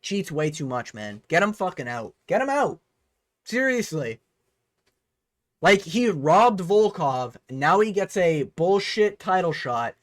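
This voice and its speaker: A man's voice: high voice, very animated, slow, a bit bright, no echo. A man hosting a vlog breakdown of a fight card, ranting heatedly with plenty of swearing. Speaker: host.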